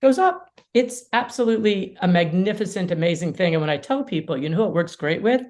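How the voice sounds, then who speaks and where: Animated woman mediator, low voice. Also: a little fast. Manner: animated storyteller, acts out quotes. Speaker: mediator and lawyer, podcast guest. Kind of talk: casual conversation.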